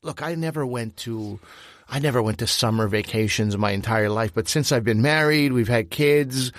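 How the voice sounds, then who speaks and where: A man's voice: medium pitch, normal speed, no room sound, studio quality. A man in his forties from Canada, co-hosting a casual chat show, jokey and talkative, hungover. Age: 40s. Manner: chatty, jokey, puts on mock voices. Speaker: podcast co-host.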